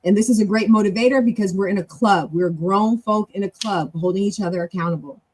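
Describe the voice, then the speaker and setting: A middle-aged woman hosting a live stream in a casual, chatty way, fast and animated, with big swings in pitch and loudness. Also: slightly rough. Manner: talks fast, with self-corrections. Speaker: show host and club leader.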